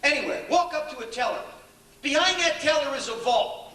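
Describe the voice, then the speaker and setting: Older guy doing a funny keynote, high bright voice, acts out all the dialogue, booming hall, mic kinda far off. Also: brisk. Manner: animated storyteller, acts out dialogue, chuckles often. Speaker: keynote speaker. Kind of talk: humorous motivational speech. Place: large echoey hall with an audience. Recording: echoey hall, distant mic, faint ambience.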